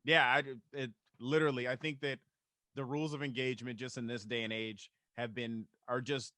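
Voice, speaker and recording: A man's voice: medium pitch, little pitch movement, brisk, bright, forceful tone, dry recording. A man co-hosting a podcast in casual chat, earnest and full of fillers. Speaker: podcast co-host.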